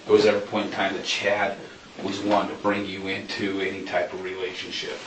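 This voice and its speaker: A low-voiced man conducts a police interview and picks his words with hesitant care. He sits far from the mic in an echoing room with clear background noise. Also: completely flat delivery, a little fast. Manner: hesitant, careful with his questions.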